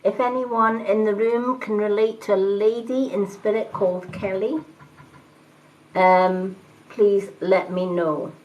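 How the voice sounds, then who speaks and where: A woman doing live-stream tarot readings, talking calmly and reassuringly and greeting viewers by name. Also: mid-range voice, slow pace, low-quality recording. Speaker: tarot reader and medium.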